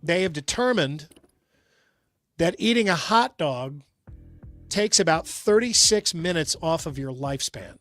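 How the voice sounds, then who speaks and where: A man's voice: on the high side, lively intonation, unhurried, long pauses, a bit bright, faint music behind. An American man hosting a radio show, reading odd news items and adding jokes in casual chat. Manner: reads news items with joking asides.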